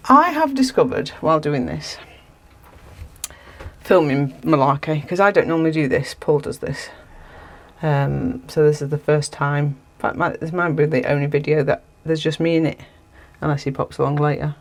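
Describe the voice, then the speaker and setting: A woman's voice: low-pitched, moderate pace. Chatty woman vlogging in an echoey caravan. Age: 40s. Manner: chatty, rambling, self-deprecating. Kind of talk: casual solo vlog chat. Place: small caravan interior under renovation, windy day. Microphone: self-filmed camera on a stabilizer, sometimes far off. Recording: echoey small room, faint wind noise.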